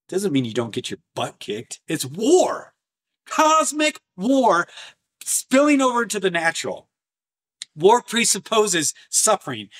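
A man delivers a fiery sermon in a mid-range voice. He hammers home repeated phrases, flaring into loud bursts before dropping to a low, intense tone. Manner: repetitive, rhetorical, martial imagery. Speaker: preacher. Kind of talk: impassioned sermon.

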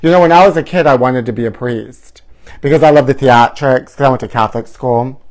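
A man's voice: mid-range voice, brisk, a little mellow. A man hosting a live gossip show, flamboyant and sing-song, calling his viewers honey. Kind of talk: campy live-stream gossip chat.

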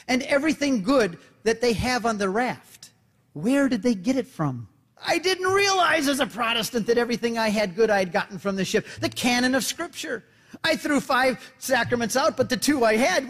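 A man giving an animated storytelling talk to an audience, acting out short voices as he tells it. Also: very high-pitched. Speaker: Catholic speaker. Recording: reverberant hall.

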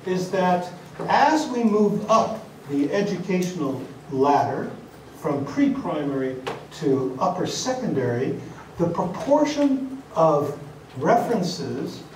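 A man giving an academic conference lecture, speaking deliberately with many fillers and restarts. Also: a little high, darkish tone, slight background noise. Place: conference hall. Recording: echoey hall, mic at a distance, faint ambience.

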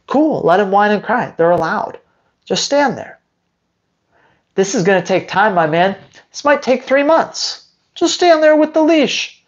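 A man's voice: sits high, animated, a little slow, long pauses, highs cut off. A man who trains dogs, answering viewer questions on a live stream in a blunt, emphatic way and hammering his points home by repeating them. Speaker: dog trainer.

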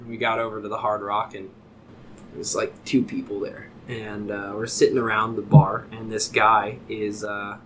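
A man's voice: on the low side, fairly bright tone, slight background noise. A man in his thirties, a podcast host telling a rambling drinking anecdote with lots of swearing and fillers. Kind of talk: casual storytelling.

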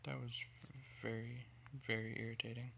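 A man's voice: medium pitch, completely flat delivery, moderate pace, gravelly, a bit bright, a little hiss or hum, low-quality recording. A man giving casual gameplay commentary, irritated, cursing and rambling as he plays. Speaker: gamer playing a survival game.

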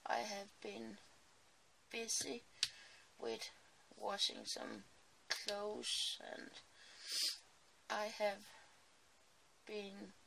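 A woman's voice: medium pitch, very animated, drawn-out words, gravelly, pauses often, background noise. A woman chatting casually and sleepily while crafting in her small home craft room, rambling with apologetic asides. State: sleepy, early morning. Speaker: crafting vlogger.

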